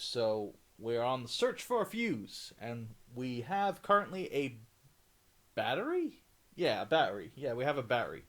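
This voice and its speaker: A Scottish man casually commenting on a live game stream, rambling and correcting himself as he plays. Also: medium pitch. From Scotland. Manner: rambling, self-correcting, giggly.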